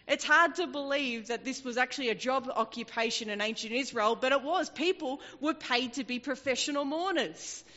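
A woman preaching a sermon, telling a scripture story with lively acted-out voices. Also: a little high. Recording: dull, echoey hall.

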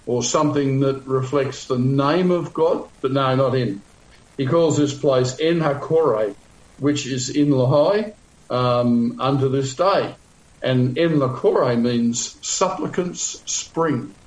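Male pastor, mid pitch, loose conversational sermon delivery with fillers and wry asides, recorded in a reverberant room. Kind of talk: sermon Bible teaching.

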